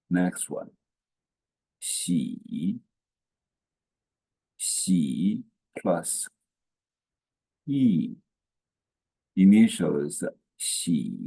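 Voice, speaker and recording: A man teaching pronunciation slowly, saying each syllable and then repeating it. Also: low voice, gravelly, dark tone, slightly rough. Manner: slow and deliberate, repeats each syllable twice. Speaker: language teacher. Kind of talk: slow pronunciation lesson.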